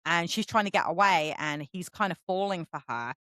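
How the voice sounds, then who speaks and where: A woman co-hosting a book podcast in casual chat, who swears freely and acts out quotes with big jumps in pitch. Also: lively intonation, brisk, fairly bright tone, no echo. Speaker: podcast co-host.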